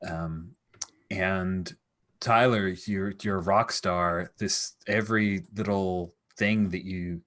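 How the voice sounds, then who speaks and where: A man's voice: sits low, steady tone, slow pace, a bit bright. A man chatting enthusiastically after a tabletop game, rambling and restarting his sentences. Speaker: streamer and player. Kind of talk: post-game wrap-up chat.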